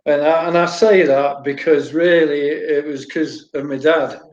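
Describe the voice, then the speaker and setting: An older man, chatting through long stories in an interview and restarting his phrases as he thinks. His voice sits a bit high for a man. The recording sounds roomy and muffled. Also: fairly even intonation, a little slow, a little mellow. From Wales. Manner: anecdotal, repeats words, laughs while telling stories. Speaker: former goalkeeper guest. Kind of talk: storytelling interview answers.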